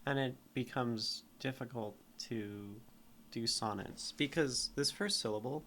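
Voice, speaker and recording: A man's voice: mid-range voice, expressive, moderate pace. A man streaming live, reading a poem aloud and then picking apart its meter and syllables. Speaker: streamer critiquing poetry.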